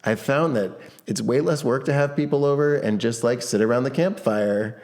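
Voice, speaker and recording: A man co-hosting a podcast in casual chat, rambling easily and laughing often, his voice a little hoarse from shouting. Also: medium pitch, moderate pace. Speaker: podcast co-host, music teacher.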